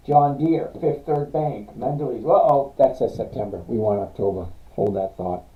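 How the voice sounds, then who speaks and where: A man's voice: medium pitch, normal speed, hardly any pauses. A man hosting a casual live stream, answering viewer questions about stocks and reading figures off charts in a blunt, rambling way. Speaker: livestream stock trading host. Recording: tinny phone-like sound.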